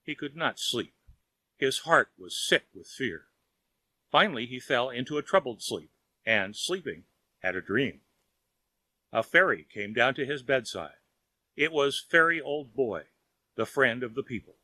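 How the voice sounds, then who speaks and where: A man narrating a children's audiobook in a lively storytelling manner. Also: medium pitch, a little slow, pauses often, no echo.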